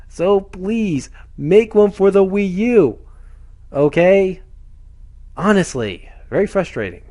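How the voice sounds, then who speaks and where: A man's voice: medium pitch, darkish tone. A man giving a casual, rambling opinion monologue on video games, pleading and repeating himself. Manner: pleading, repetitive, addresses the company directly. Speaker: gaming vlogger.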